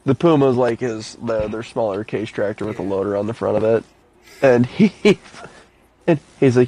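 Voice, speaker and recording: A man's voice: fairly low pitch, normal speed, warm tone, low-quality recording. A man telling a funny story in casual chat, laughing often and acting out quotes with a raised voice.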